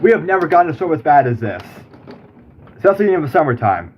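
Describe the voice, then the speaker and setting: A man at home filming a severe storm out his window, giving excitable, exclamatory live commentary to his viewers. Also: on the high side, fast talker, highs cut off. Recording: heavy rain and hail noise. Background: rain and hail pounding.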